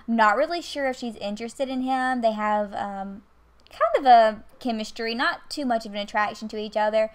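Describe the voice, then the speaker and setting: A woman's voice: a little high, moderate pace, clear, resonant tone. A woman, chatting casually while playing a life-sim game into a desk mic, scolding the characters with exasperated asides. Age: 20s. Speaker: gaming YouTuber. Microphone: USB desk mic.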